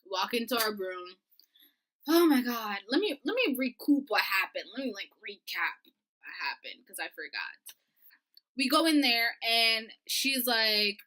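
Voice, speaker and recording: A young woman telling a storytime vlog, animated and profane, acting out the dialogue. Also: on the high side, a little slow, low-quality recording. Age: young adult. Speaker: vlogger.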